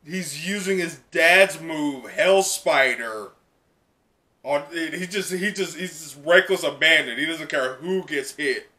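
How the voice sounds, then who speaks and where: A man hosting a live comic reaction who talks in an excitable, rambling way with lots of "like". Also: a little high, takes it slowly. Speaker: reaction video host.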